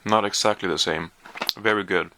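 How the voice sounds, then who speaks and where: A man's voice: low voice, steady tone, normal speed, sharp tone, slight background noise. A man chatting casually through a taste-test vlog, hesitant with lots of fillers, sometimes talking while chewing. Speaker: vlogger.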